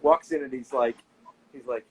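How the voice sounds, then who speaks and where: A man's voice: medium pitch, moderate pace, slightly rough, low-quality recording. Man telling nightlife stories. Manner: animated anecdotes, quoting people. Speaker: nightlife owner and guest. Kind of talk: casual interview storytelling.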